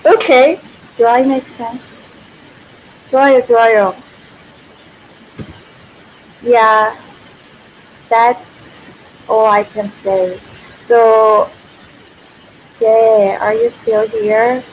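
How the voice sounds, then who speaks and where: A woman's voice: fairly high pitch, fairly even intonation, slow pace, long pauses, slight background noise, low-quality recording. A woman, a native Korean speaker, giving a casual livestream language lesson who thinks aloud, corrects herself and laughs often.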